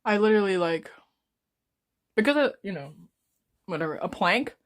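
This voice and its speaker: A woman in her twenties chatting casually on a live stream, rambling and swearing freely as she talks fast. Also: medium pitch, lively intonation. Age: 20s. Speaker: livestreamer.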